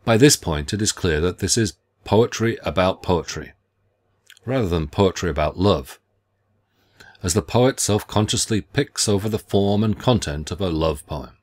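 A middle-aged man with a very low, deep voice reads a prepared lecture on literature. His delivery is measured and deliberate, with careful phrasing. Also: lively intonation, a little mellow. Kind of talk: scripted academic lecture.

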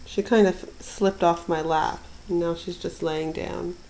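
A woman filming her kittens at home, talking to them softly in a casual, cooing voice. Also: on the low side, fairly even intonation, unhurried, creaky, slight background noise, poor audio. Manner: soft-spoken, coos and baby-talks to the cats. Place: indoor room with kittens.

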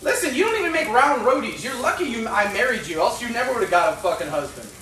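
A man's voice: extremely high pitch, very animated, quick pace, sharp tone. A man streaming from home, ribbing his partner in a mock-serious, joking way during casual chat. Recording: distant mic in an echoey room with faint hum.

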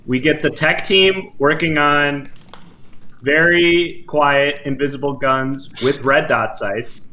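A man at a tabletop game, relaxed and laying out the group's plan step by step. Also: fairly high pitch, slow, slight background noise. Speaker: player. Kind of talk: tabletop role-play chat.

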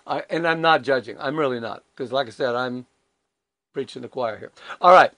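A man's voice: medium pitch, moderate pace, pushed and bright, dry recording. An older man preaching a conversational devotional sermon, emphatic and candid, full of rhetorical questions. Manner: candid and self-deprecating.

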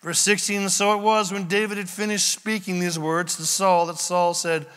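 A man preaching a sermon as pastor, retelling scripture scenes with lively acted-out voices. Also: sits high, moderate pace, hardly any pauses, clean tone, long reverb tail.

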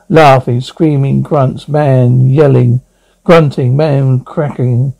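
Man narrating sound cues, gravelly, mellow tone, flat delivery, amateur audio drama. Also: mid-range voice, takes it slowly, low-quality recording. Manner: flat announcing of sound effects.

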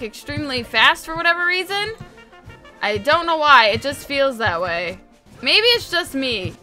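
A young woman giving excitable, chatty commentary while playing a video game and reading its text aloud. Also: sits high. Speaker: gaming video host. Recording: game music behind voice.

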